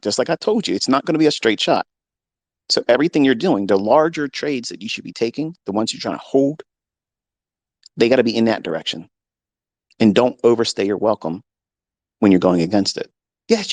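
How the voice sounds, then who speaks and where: A middle-aged man hosting a live audio chat as a trading mentor, talking unscripted from his home basement in a profane, combative way that swings into loud tirades. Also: fairly low pitch, no echo.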